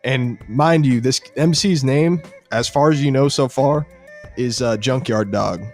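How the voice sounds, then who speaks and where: A young man hosting a podcast, excitedly retelling a show episode in casual, profane chat. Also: medium pitch, unhurried, faint music behind. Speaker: podcast host.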